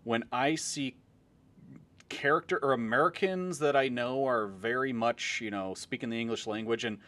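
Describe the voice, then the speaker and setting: A man's voice: medium pitch, moderate pace, fairly bright tone. A man co-hosting a casual podcast, ranting with swings in energy and casual swearing. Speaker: podcast co-host. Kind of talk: casual chat.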